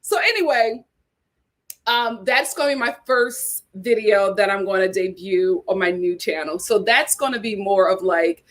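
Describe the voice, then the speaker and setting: A woman hosting her own YouTube channel in a casual chat with her viewers, animated, and laughing often. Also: mid-range voice, unhurried. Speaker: YouTube host.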